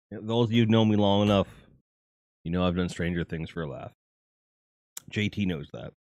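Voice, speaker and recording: A man's voice: deep voice, unhurried, long pauses, darkish tone, no room sound. A man hosting a casual, rambling and jokey chat about music. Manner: rambling and jokey, with lots of fillers and laughs. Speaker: host.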